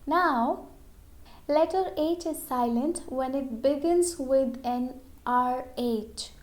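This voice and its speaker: A woman's voice: sits high, slow. A woman teaching English pronunciation, saying each example word twice and checking in with "okay?" as she explains. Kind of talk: slow, deliberate pronunciation lesson.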